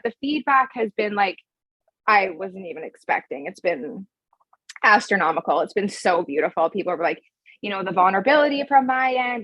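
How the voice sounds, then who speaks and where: A woman's voice: mid-range voice, no echo, highs cut off. A woman coach talking frankly and emphatically as a podcast guest, swearing freely as she tells her story. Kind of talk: casual podcast conversation.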